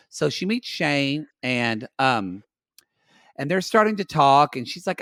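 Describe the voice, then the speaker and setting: A man's voice: medium pitch, expressive, moderate pace, fairly bright tone, no echo, studio quality. A man co-hosting a podcast from a remote setup. He recaps scenes in a chatty way, often quoting people and hesitating as he goes. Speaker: podcast co-host. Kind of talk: casual chat. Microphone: remote recording.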